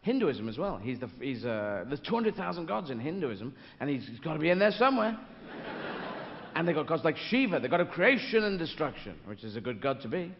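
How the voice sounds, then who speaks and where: A man's voice: on the high side, big pitch swings, fairly quick, dull audio. A man doing rambling surreal stand-up, interrupting himself as he goes, recorded live in a reverberant hall with crowd noise. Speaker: stand-up comedian.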